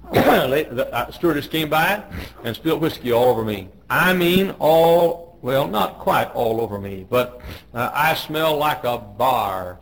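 A man's voice: mid-range voice, expressive, a little slow, poor audio. A middle-aged man, a pastor, telling joking stories in a folksy way on a radio devotional. He raises his voice when he quotes people.

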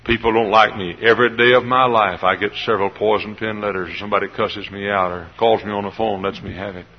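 A man's voice: fairly low pitch, steady tone, fast talker, in a large hall, a little hiss or hum. An older man preaching a sermon with fervor, often repeating his phrases. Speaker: pastor. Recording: dull lo-fi sermon recording.

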